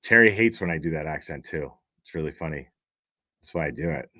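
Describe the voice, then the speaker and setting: A man's voice: a bass voice, expressive, brisk, bright, forceful tone. A man hosting a casual livestream, chatting, swearing freely and thanking viewers by name. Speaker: livestream host.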